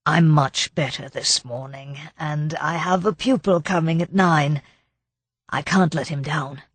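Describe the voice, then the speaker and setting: A woman's voice: sits low, measured pace, dry recording. A woman voicing a shy grieving older widower. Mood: apologetic. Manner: soft, apologetic, subdued. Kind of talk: audiobook narration.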